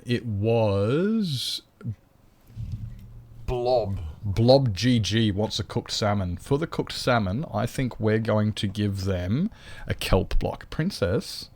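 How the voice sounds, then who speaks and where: A man's voice: fairly low pitch, darkish tone. Rambling man streaming a game. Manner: rambling, chatty, greets viewers, talks to his cat. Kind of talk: casual live-stream chat.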